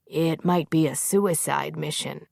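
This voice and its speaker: Terse blunt young man as a female narrator voices him, low voice, gravelly, dry close audiobook read. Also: steady tone, unhurried, dry recording, heavily acted. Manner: dry, blunt, soft-spoken.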